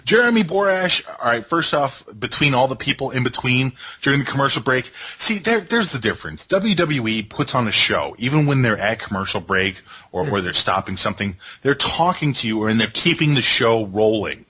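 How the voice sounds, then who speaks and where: A man co-hosting a casual wrestling review, ranting in a sarcastic, animated way. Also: medium pitch, moderate pace, hardly any pauses, husky. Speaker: podcast co-host.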